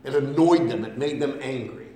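A man preaching a sermon with impassioned delivery, swinging between hushed and loud. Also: medium pitch, moderate pace. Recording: echoey room, faint hum.

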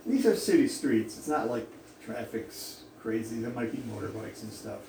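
A man's voice: mid-range voice, lively intonation, moderate pace, mellow. A man preaching to a congregation, telling a funny story with many chuckles and asides. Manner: humorous, chuckling storyteller who digresses. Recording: echoey hall from a distance with faint room noise.

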